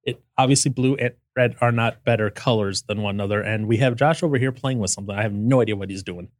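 A man's voice: fairly low pitch, fast, dry recording, clean studio sound. A man hosting a casual podcast chat, rambling and joking with his co-hosts. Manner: rambling, jokey. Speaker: podcast host.

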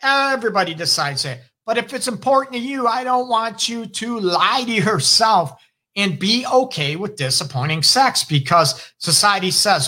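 A middle-aged man with a Detroit accent hosts a casual advice show on relationships. His voice is bright and lively, swinging up into sudden loud exclamations. He talks in an emphatic, animated way. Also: sits high, normal speed. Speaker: relationship counselor and show host.

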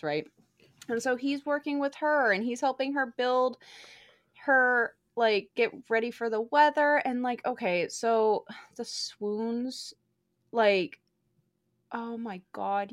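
A young woman with a lilt, talking in a casual, gushing ramble full of "like" and the odd curse. Her voice sits a little high, and the recording is close and dry with no room sound. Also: slow, no room sound. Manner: gushing, swears freely, many fillers. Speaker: podcast co-host reviewing a book. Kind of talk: casual chat.

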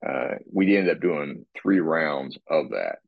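Very deep husky man, rambling. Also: lively intonation, takes it slowly, no echo, phone-quality sound. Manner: rambling, with repeated restarts and throat clearing. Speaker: guest describing his workout. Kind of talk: casual podcast talk.

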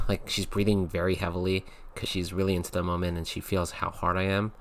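A man's voice: deep voice, steady tone, fast, hardly any pauses. A man hosting a podcast, telling a story in a casual, rambling way with lots of fillers and frequent laughs. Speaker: podcast host.

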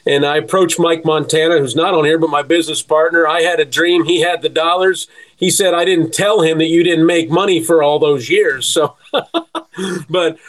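A middle-aged sports agent telling lively stories in casual chat, laughing often. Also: male voice, a little high, normal speed, low-quality recording. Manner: animated storyteller, laughs often.

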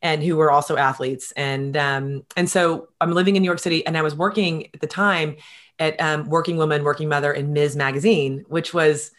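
A middle-aged woman telling stories in a casual interview, animated and quick, with many fillers. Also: sits low. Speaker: guest.

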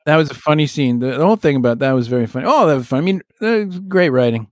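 A man's voice: medium pitch, expressive, fast talker, darkish tone, dry recording, clean studio sound. A middle-aged man co-hosting a podcast in casual chat, joking and exaggerating for fun. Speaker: podcast co-host.

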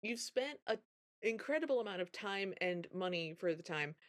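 A woman's voice: mid-range voice, normal speed. A woman co-hosting a podcast, casually recapping a film and acting out the characters' lines as she tells it. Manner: animated storytelling, acting out quotes. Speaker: podcast co-host.

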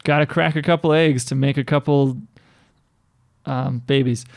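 An easygoing young man co-hosting a podcast, quick with a joke and an easy laugh. His voice is smooth and clear, recorded close with a dry sound. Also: mid-range voice, fairly even intonation, dry recording. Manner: easygoing, joking, laughs often. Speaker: podcast co-host. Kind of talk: casual banter.

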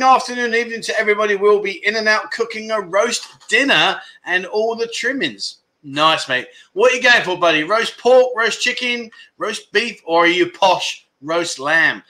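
A man's voice: sits high, pushed and bright. A middle-aged man with a British accent, hosting a casual livestream chat and bantering cheekily with his viewers. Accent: British English. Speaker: livestream host.

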